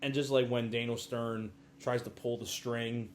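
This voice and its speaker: A man's voice: medium pitch, little pitch movement, measured pace, slight background noise. A man giving a casual movie review, chatty, laughing often and acting out quotes from the film.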